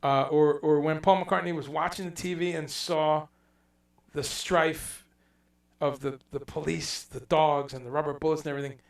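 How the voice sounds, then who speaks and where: A man hosting a casual livestream chat, telling stories in a rambling, animated way and dropping in profanity. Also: on the high side, normal speed, vocal fry, roomy sound, distant mic. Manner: rambling, animated storytelling with mock accents and profanity. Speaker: livestream host.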